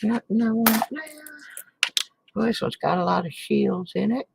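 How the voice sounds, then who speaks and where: Late at night in her living room, a tired, sleepless coin roll hunting vlogger sorts coins and chats casually in a folksy, rambling way, sighing and muttering little exclamations. Her voice is a little high and creaky, at normal speed, over a noisy background.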